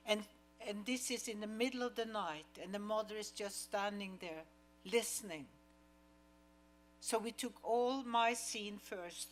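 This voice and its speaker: Unhurried actress in a cinema Q&A, mid-pitched woman, acts out the quotes she tells. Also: a bit bright, a little hiss or hum. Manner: slow and measured, acting out quoted lines. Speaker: actress, guest at a screening Q&A. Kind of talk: audience Q&A storytelling. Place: cinema auditorium.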